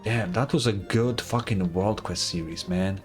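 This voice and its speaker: A man's voice: low voice, a little slow, faint music behind. A man streaming a game, reacting bluntly with swearing and laughter. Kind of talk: casual game commentary.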